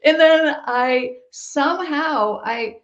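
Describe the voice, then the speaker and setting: Animated woman telling a story, roomy. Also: high voice, takes it slowly. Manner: animated, emphatic storytelling with laughs. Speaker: guest. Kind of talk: storytelling in a podcast conversation. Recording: roomy, dull-sounding recording.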